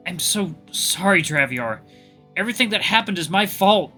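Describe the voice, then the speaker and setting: A man's voice: high voice, expressive, normal speed, voice pushed up. A man voicing a desperate, tearful young male hero who pleads urgently, over faint music. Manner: urgent, shouting pleas.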